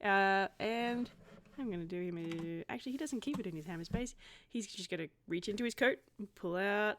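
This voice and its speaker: A woman's voice: mid-range voice, a little fast, a bit bright, slight background noise. A woman playing a tabletop game, describing her character's actions in a giggly, rambling way. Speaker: player. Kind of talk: tabletop game play, casual chat.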